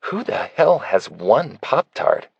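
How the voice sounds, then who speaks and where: Man doing a teasing young woman bartender, sassy, raised gravelly voice, dry close sound. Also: medium pitch, sing-song, slow pace, no room sound, lo-fi sound, voice pushed up, exaggerated voice. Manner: teasing, exasperated. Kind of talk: audiobook character voice.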